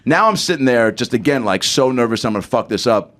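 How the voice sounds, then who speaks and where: A man's voice: medium pitch, brisk. A man, a comedian guest on a podcast, telling a rambling story full of fillers and side remarks. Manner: animated, rambling, lots of fillers.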